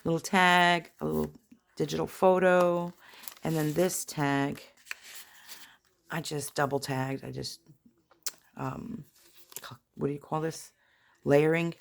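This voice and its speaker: A woman's voice: low-pitched, gravelly. A woman casually narrating a flip-through of her handmade journal, with chatty, rambling, self-deprecating asides. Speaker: junk journal crafter. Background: paper rustling and crinkling.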